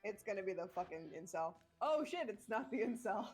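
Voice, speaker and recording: Husky young woman, crude teasing gamer. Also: mid-range voice, lively intonation, brisk, darkish tone. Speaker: gaming channel co-host. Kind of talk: casual let's-play chat.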